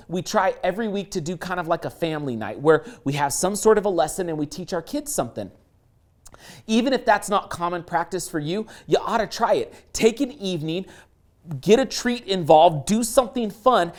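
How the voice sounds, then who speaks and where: A man in his thirties presenting a motivational parenting lesson in an upbeat, encouraging and direct way. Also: sits high. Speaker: course presenter and speaker.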